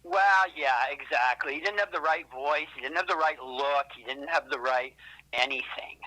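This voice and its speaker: Bright-voiced man telling rambling stories. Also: a little high, normal speed, poor audio. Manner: rambling, profane, self-correcting asides. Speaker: interviewed musician. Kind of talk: casual interview storytelling.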